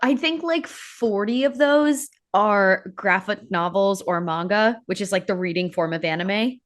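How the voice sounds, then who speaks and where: Woman co-host, casual and talkative, mid-pitched, self-correcting, light laughter. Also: measured pace. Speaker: podcast co-host. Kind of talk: casual chat about books.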